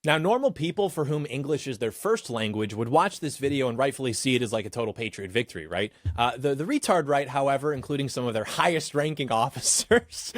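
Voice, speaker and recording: A man's voice: medium pitch, animated, fairly quick, hardly any pauses, no room sound, clean studio sound. A male host delivering a political commentary monologue in a combative, sarcastic manner.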